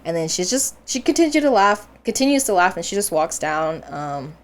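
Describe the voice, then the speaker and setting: A young woman with a voice on the low side speaks fairly quickly as she relates a dream on the podcast she co-hosts. Chatting casually, she tells it animatedly, imitating the voices of the people involved and laughing often.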